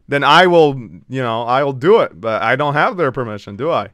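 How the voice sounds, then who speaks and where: A man's voice: mid-range voice, animated, moderate pace, a bit bright, smooth, dry recording, clean studio sound. A man live-streaming a video game, chatting casually and trash-talking his chat with lots of swearing.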